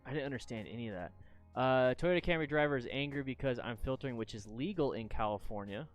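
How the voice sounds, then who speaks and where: A man hosting a live stream, chatting casually as he reviews motorcycle crash videos and sometimes bursts into loud, excited shouts. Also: mid-range voice, fast talker, soft background music.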